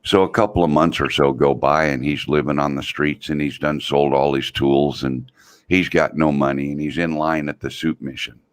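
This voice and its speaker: A man with a very low voice tells a long joke, taking his time. His phrasing is folksy and drawn out, the way someone talks when chatting with friends. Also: fairly even intonation, moderate pace. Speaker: host. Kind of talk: casual joke telling.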